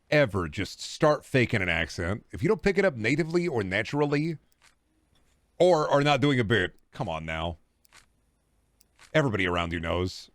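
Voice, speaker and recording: A man's voice: on the low side, no echo, studio quality. A young man from Texas, ranting sarcastically and profanely during a casual stream chat.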